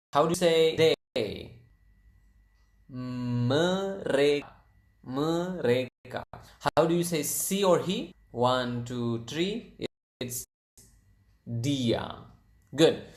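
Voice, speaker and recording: A teacher walks through a beginner lesson in a relaxed, chatty way with a mid-range voice. Each word gets said twice, slowly, so listeners can copy it. The room adds a noticeable echo. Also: medium pitch. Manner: lively, repeats words slowly for practice. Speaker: language teacher. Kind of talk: casual online language lesson. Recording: roomy echo.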